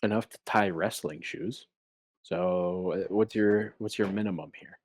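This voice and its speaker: Low-voiced man telling rambling stories. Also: steady tone, unhurried, a little mellow, no room sound. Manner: rambling, playful storyteller. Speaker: podcast co-host. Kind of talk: casual comedic chat.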